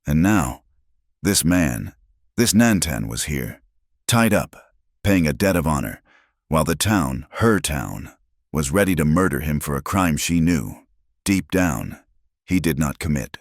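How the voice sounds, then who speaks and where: A male storyteller reads a frontier tale in a dramatic, emphatic style. His voice is extremely deep, with pitch that rises and falls vividly, and the recording is close and dry. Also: lively intonation, unhurried, no echo. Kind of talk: scripted dramatic narration.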